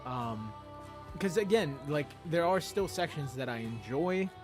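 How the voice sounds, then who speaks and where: A man co-hosting a casual album review, opinionated and animated. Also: fairly high pitch, unhurried, music in the background. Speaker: music review co-host. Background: album playing faintly.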